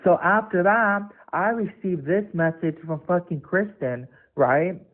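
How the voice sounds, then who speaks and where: A young man telling the story of an online dispute in an angry, profane, rapid rant. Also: sits high. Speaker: online debater. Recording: tinny phone-like audio.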